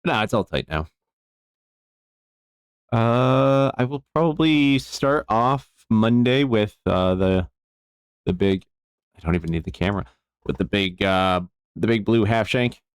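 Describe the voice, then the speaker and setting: Low, smooth-voiced easygoing man. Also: lively intonation, measured pace, long pauses, no echo. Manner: easygoing, rambling with fillers, thanking viewers. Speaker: jeweler streaming bench work. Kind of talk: casual live-stream chat.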